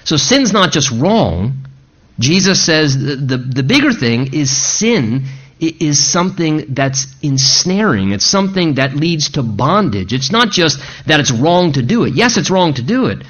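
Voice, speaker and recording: A man preaching an earnest sermon with a slightly high voice. He builds to rising, emphatic questions and then drops back down. The recording sounds muffled and lo-fi. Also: sing-song, measured pace, a bit bright. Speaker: pastor.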